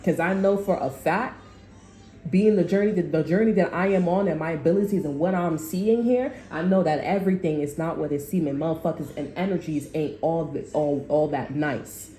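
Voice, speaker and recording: A woman tarot reader rambles through a casual spiritual monologue, blunt and quick to swear. Her voice sits a little low. She sounds like she is in an echoey room with a faint hum behind her. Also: mellow.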